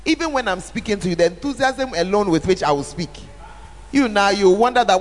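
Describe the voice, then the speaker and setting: A woman's voice: medium pitch, fast. A woman, a church leader answering questions at a church camp, talking animatedly with emphatic repetition. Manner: animated, emphatic repetition, acts out quoted speech. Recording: reverberant hall.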